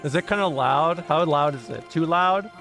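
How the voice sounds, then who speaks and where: A woman's voice: low voice, moderate pace, fairly bright tone, soft background music. A woman streamer in casual livestream chat from a home setup, rambling, swearing and interrupting herself with frequent laughs.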